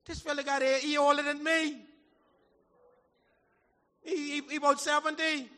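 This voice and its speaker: A man preaching a sermon in a church hall, folksy and animated, swinging from shouts to low asides. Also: moderate pace. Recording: long hall reverb.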